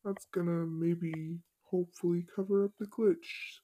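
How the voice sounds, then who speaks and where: A shy woman hosting a casual solo podcast, talking hesitantly with many pauses and fillers, her voice run through a voice changer on a glitchy recorder. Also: fairly low pitch, fairly even intonation, warm tone. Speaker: podcast host.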